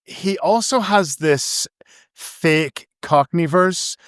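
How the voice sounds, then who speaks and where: A man's voice: on the high side, drawn-out words, fairly bright tone, clean tone, dry recording, studio quality. A man, an author chatting as a guest, rambling playfully and acting out little scenes. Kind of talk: casual interview chat.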